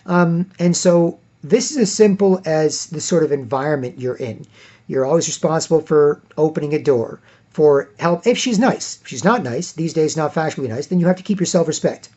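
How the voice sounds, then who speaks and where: A man's voice: a little high, normal speed, warm tone. A man giving an emphatic, repetitive monologue, acting out quotes as he talks. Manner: emphatic, repeats himself, acts out quotes. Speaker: commentator. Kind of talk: casual monologue.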